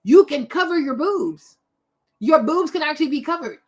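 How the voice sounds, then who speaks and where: A woman host giving casual reaction commentary on pictures, animated and exclaiming, repeating herself a lot. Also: sits high, moderate pace. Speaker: commentary vlogger.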